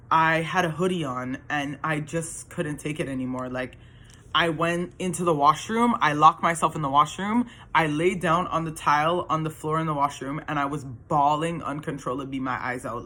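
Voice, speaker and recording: A woman's voice: deep voice, sharp tone. A woman telling her own story in a casual, earnest monologue that rambles, with many restarts and fillers.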